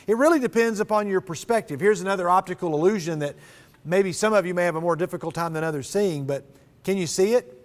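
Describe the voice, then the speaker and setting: A man giving a sermon to students, animated and dramatic when he reads scripture aloud. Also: sits high. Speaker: speaker at a student event. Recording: long reverb of a large hall.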